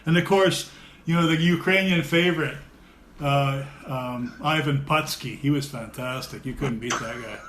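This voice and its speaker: A man chatting casually with friends, an animated storyteller who laughs often. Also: mid-range voice, moderate pace. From America. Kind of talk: casual chat. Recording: echoey room with faint noise.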